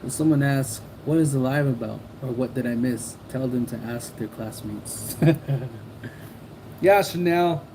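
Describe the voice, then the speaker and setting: A man's voice: medium pitch, a little slow, warm tone, slight background noise, poor audio. A man hosting a casual livestream who rambles, jokes and laughs often while reading comments. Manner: rambling, joking, laughs often, mimics people. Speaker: livestream host.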